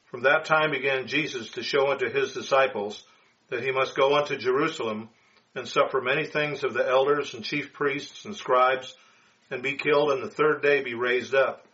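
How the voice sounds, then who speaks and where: A man from a Bible class reading scripture aloud in a steady, measured way. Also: medium pitch. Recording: dull lo-fi sound.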